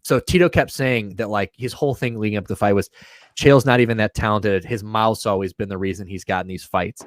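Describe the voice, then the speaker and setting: A man's voice: fairly low pitch, brisk, no echo. A man co-hosting a podcast, telling stories in a loose, profane, laughing way. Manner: profane, animated storytelling with frequent laughter. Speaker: podcast co-host. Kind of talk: casual podcast banter.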